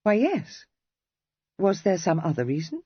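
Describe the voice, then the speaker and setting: A playful young Regency lady with a quick, teasing wit, voiced by an audiobook narrator. She sits well above the narrator's own pitch, swinging her tone about freely. The sound is slightly husky, dull and dry, close to the mic. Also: very animated, no echo, heavily acted. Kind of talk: audiobook character reading.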